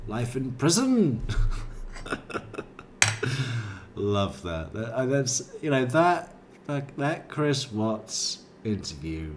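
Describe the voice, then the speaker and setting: A man's voice: medium pitch, big pitch swings, drawn-out words, pauses often, noisy background. A man co-hosting a true crime live stream, chatting casually, laughing often and stumbling over his words. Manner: laughing, joking, with stumbling restarts.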